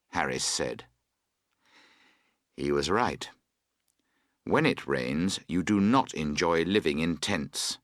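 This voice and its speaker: A man narrating a story for English learners in a slow, expressive reading. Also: low voice, no room sound, clean studio sound. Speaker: audiobook narrator.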